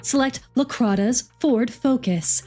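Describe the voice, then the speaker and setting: A woman voicing a car's automated assistant with flat, clipped announcements in a monotone. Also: a little high, a little slow, soft background music. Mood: robotic. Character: flat robotic car assistant voice.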